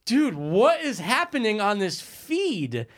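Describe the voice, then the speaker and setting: A man co-hosting a casual podcast, tossing out crude jokes and quick comebacks. His voice sits a little high and swings widely in pitch as he riffs. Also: big pitch swings. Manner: crude, joking banter, quick back-and-forth. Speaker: podcast co-host. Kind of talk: casual chat.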